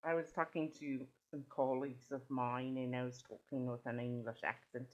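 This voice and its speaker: A woman co-hosting a podcast in casual chat, animated and laughing, slipping into playful voices. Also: very deep voice, normal speed. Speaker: podcast co-host. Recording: dull lo-fi sound.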